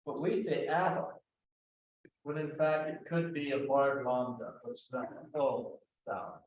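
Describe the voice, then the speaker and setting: A man speaking as a panelist, explaining in a measured way at a public event. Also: mid-range voice, darkish tone, far from the mic. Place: museum event room. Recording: echoey room with faint noise.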